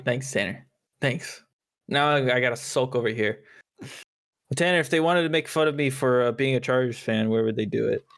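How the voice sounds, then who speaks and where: A man co-hosting a podcast in casual chat, animated and joking, swearing casually. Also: mid-range voice, normal speed, creaky. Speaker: podcast co-host.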